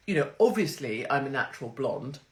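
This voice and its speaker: A woman's voice: extremely low pitch, lively intonation, fairly quick, a little mellow. A middle-aged woman, hosting a crude, sarcastic livestream monologue from home on her phone. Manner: brash, crude, sarcastic, swears freely. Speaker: livestream host.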